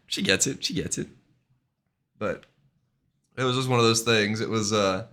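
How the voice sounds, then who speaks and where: A man's voice: on the low side, sharp tone. A man streaming a game, telling rambling, profane stories in casual chat and laughing at himself. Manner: profane, rambling, self-deprecating; fillers and restarts, laughs at himself.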